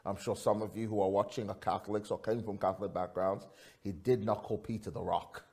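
A man preaching a sermon, swinging from quiet storytelling to loud, fervent peaks. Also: steady tone, a little fast. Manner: preaching with big swings in pitch and loudness, rising to fervent peaks. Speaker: pastor.

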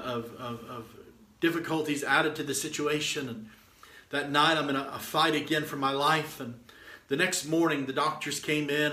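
Middle-aged man, preacher, fervent storytelling sermon, bright tense tone, roomy echo. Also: mid-range voice. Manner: fervent, exhorting, piles up repeated "and"s. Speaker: preacher sharing a testimony.

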